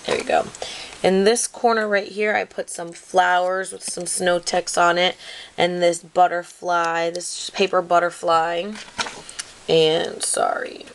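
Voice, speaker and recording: A woman's voice: lowish voice, little pitch movement, takes it slowly, slight background noise. A woman casually walking through her scrapbook craft project, rambling with lots of "like" and "um". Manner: rambling, many fillers like "like" and "um"; apologetic about filming mishaps. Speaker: craft video maker.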